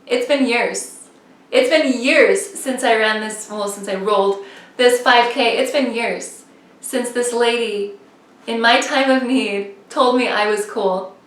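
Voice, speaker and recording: A woman in her thirties telling a personal story in a casual, animated way, full of "like" and "you know". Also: a little high, slow pace, roomy sound, recorded from a distance. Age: 30s. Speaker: motivational vlogger.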